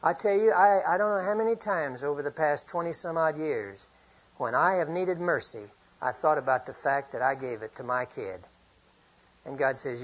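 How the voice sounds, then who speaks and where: A middle-aged man preaching a sermon, earnest, reading scripture often and swinging from loud to hushed. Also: a little high, normal speed. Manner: reads scripture aloud often. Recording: dull lo-fi recording.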